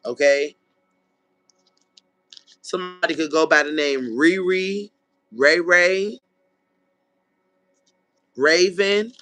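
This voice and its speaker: A man with a slightly high voice and no echo gives a casual tarot reading, animated and blunt, swearing freely. He acts out what people might say in quick voices and checks in with "okay?"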